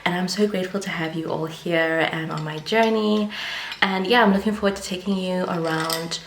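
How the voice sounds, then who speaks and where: A woman's voice: fairly low pitch, fairly even intonation, reverberant, noisy background. A woman in her thirties with a mixed, hard-to-place accent, chatting casually as a vlogger telling a storytime. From moved to South Africa as a child. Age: 30s. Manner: chatty, many "like" fillers, quick bursts.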